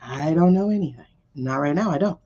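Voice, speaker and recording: Blunt, animated woman tarot streamer. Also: sits low, brisk, breathy edge, highs cut off. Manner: blunt and animated, swears freely, laughs often. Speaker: tarot reader hosting a live stream. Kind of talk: casual live-stream chat.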